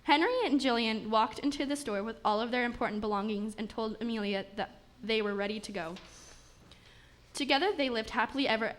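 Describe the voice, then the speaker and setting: A woman with a somewhat high voice reads a comic fairy tale aloud. She keeps a steady pace, tripping over a word now and then and starting again. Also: fairly quick. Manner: steady reading with small stumbles and restarts. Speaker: story narrator. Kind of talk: reading a comic story aloud.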